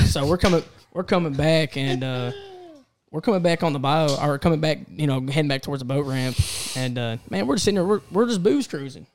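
A man's voice: on the high side, brisk, slight background noise. A young man telling a rowdy story among friends, swearing freely and acting out what others said. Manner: animated, swearing, acts out the voices of others.

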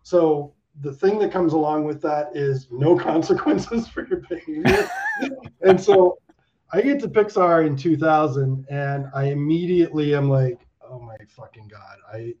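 A man around fifty, a guest in a casual interview, telling stories in an animated way, swearing and laughing, with lots of "like". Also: fairly high pitch, measured pace. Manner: animated, swearing storyteller full of likes and laughs. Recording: dull lo-fi sound.

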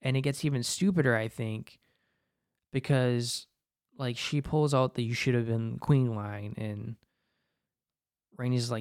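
A man's voice: medium pitch, steady tone, normal speed, a little mellow, no room sound, clean studio sound. A man giving casual, rambling commentary on a TV episode, exasperated and swearing often, with a lot of filler words. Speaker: TV episode reviewer.

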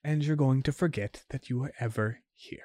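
A man's voice: mid-range voice, normal speed, a little mellow, no room sound, clean studio sound, lightly acted. A man voicing a menacing woman vampire gang leader who talks in a taunting, mock-sweet way. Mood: commanding.

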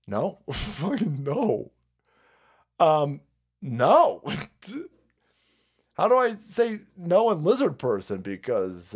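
A man's voice: high voice, sing-song, measured pace. A man hosting a livestream, ranting with heavy profanity and mocking laughter. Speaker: streamer host.

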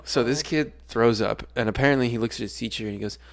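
A young man and schoolteacher co-hosting a podcast, telling a story with lively acted-out quotes. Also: medium pitch, fast. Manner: animated storyteller, acts out quotes loudly. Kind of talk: casual storytelling chat.

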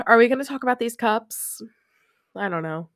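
In this studio-quality, dry recording, a young adult woman runs a solo podcast, wandering from thought to thought with frequent laughter and plenty of "like." Her voice sits a little high and sounds expressive and a bit bright, and she speaks a little slowly.

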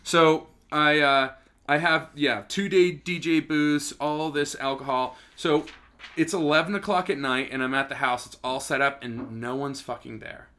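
A man's voice: a little high, normal speed. A man in his twenties casually telling a story, swearing often and acting out what people said. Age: 20s. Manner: animated, swearing storyteller who acts out quotes loudly. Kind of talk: casual chat.

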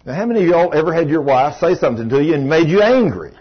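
Man in his 60s, folksy preacher, storytelling sermon, husky voice, dull lo-fi recording. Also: on the high side, quick pace. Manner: folksy, animated, acts out the people in his stories.

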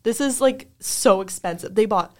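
A woman's voice: mid-range voice, moderate pace. A young woman casually telling a work story among friends, with lots of "like" fillers. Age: young adult. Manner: animated storytelling, heavy "like" fillers. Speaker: panelist recalling first jobs. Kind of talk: casual chat.

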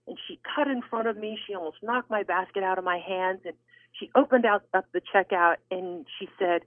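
A woman guest author telling a personal story in an interview, animated and expressive. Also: mid-range voice, moderate pace, no room sound. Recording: tinny phone line.

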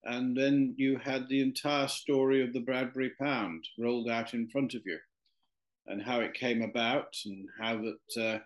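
A man's voice: mid-range voice, flat delivery, normal speed. A man, a guest in an interview, telling a long story in a rambling way with many fillers and restarts. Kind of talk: anecdotal storytelling in conversation.

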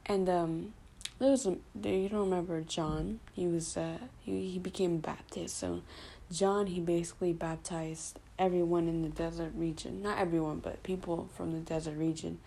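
A woman presenting a Bible study retells scripture casually, her slightly low, mellow voice carrying some vocal fry. She speaks loosely, uses fillers while thinking aloud, and corrects herself along the way.

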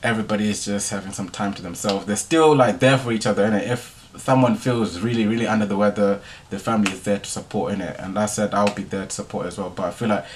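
A young man hosting a podcast, telling a story in a relaxed, slangy way and ending his sentences with tag questions. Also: lowish voice, fast, hardly any pauses, a little hiss or hum. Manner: laid-back slangy delivery, tag questions. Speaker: podcast host. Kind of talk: casual storytelling monologue.

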